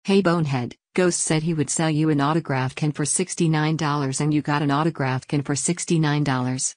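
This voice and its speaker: A woman's computer voice reading out viewer messages in an even, mechanical way. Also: deep voice, fairly quick, no room sound. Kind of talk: synthetic read-out of viewer messages.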